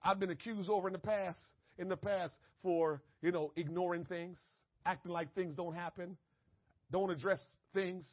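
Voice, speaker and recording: A man preaching a conversational sermon, dropping to a hush and then rising to shouts, acting out little conversations and laughing at himself. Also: sits high, steady tone, moderate pace, no room sound, dull audio. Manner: conversational preaching with big swings from hushed to shouting. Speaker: pastor.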